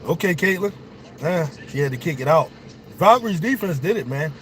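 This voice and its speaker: A young man, his voice pitched a little high, calls a basketball game live for his viewers. He is excitable and swears freely. A faint hiss sits under the voice. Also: brisk. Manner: excitable, profane, talks straight to viewers. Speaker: sports show host. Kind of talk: casual live watch-along commentary.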